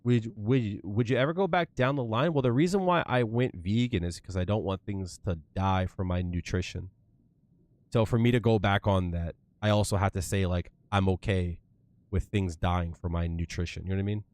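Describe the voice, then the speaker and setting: A man's voice: fairly low pitch, normal speed, a little mellow, dry recording. A young man chatting casually to his livestream viewers, swearing freely and getting worked up into rants.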